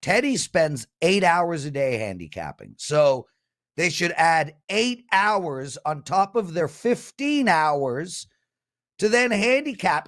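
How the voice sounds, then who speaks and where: A man hosting a sports betting talk show, unhurried and drawn out, with a lively, slightly high voice. He chats and mocks as he reads out chat-room comments and picks them apart. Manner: chatty, mocking, reads viewer comments aloud. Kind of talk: casual panel talk.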